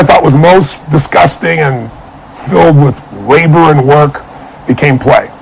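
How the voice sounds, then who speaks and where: A man with a gravelly, fairly high voice delivers a motivational speech as an animated storyteller. He slips into the voices of the people in his story as he acts out their exchanges. Faint noise sits under the recording. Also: a little slow, poor audio. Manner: animated storyteller acting out dialogue. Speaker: motivational speaker.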